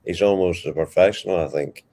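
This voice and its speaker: Older Northern Irish man, deep voice, animated anecdotal storyteller. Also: a little fast. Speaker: interviewee, veteran sports commentator.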